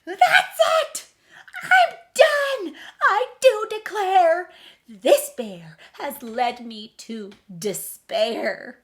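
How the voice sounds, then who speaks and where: A woman voicing a frustrated little male mouse in a storybook, with shrill, exasperated outbursts. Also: expressive, normal speed, bright, forceful tone. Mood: despairing.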